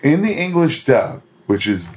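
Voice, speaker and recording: A man co-hosting a podcast in casual chat, animated and laughing often, slipping into put-on voices to quote characters. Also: medium pitch, normal speed. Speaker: podcast co-host.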